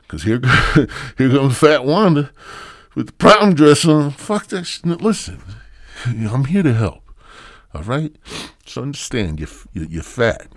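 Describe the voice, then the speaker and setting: A man hosting a podcast, delivering a crude, profane comic rant that swings from loud mockery to low mumbling. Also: no room sound, studio quality. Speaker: podcast host.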